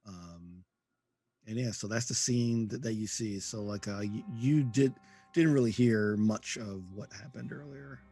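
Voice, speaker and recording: A man narrating as game master, halting and full of ums and restarts. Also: on the low side, mellow, husky, soft background music.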